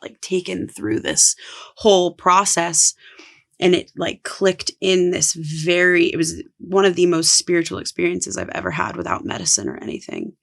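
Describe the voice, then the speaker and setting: Woman, podcast guest, spiritual coach, earnest, casual storytelling, vocal fry. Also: fairly low pitch, fairly bright tone. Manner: earnest, heavy use of "like".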